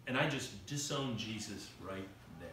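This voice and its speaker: A man's voice: on the low side, lively intonation, unhurried, fairly bright tone, slight background noise. A middle-aged man preaching a sermon, telling stories with acted-out quotes and rising emphasis. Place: church hall. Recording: echoey room picked up from far off.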